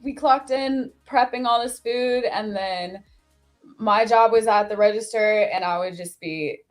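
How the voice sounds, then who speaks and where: A woman's voice: a little high, unhurried, soft background music. A young woman hosting a casual livestream chat, chatty and easygoing, who laughs easily and swears now and then. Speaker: host.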